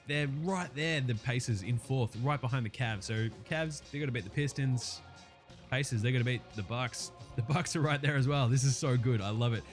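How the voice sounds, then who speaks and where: A man with an Australian accent and a hoarse, sore throat, chatting casually as a podcast host and swearing freely. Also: medium pitch. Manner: brisk, swearing, slangy chat.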